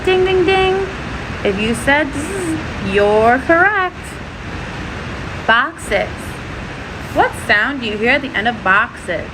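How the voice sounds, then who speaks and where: A woman teaching a first-grade phonics lesson, sounding out letters and words slowly and clearly. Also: a little high, lively intonation, noisy background.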